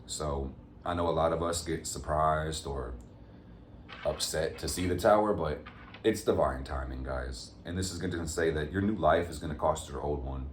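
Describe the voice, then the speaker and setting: A man's voice: a bass voice, normal speed, reverberant, slight background noise. A man giving a casual, upbeat tarot reading to his viewers, full of motivational pep talk. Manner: upbeat, motivational, addresses viewers as fam and gang. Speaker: tarot reader.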